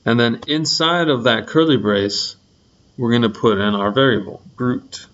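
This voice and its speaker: A man's voice: medium pitch, a little slow. Young guy walking thru code on a screencast, loose and rambly, kinda muffled audio. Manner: relaxed, rambling, many ums and likes. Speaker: coding instructor. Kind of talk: screencast programming lesson.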